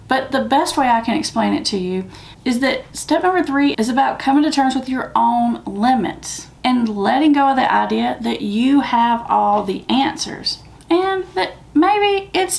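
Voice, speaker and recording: A Southern US woman talks straight to camera as the host of a recovery channel, plain-spoken and emphatic. Her voice sits a touch high and carries a gravelly fry. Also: darkish tone. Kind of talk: casual talk to camera.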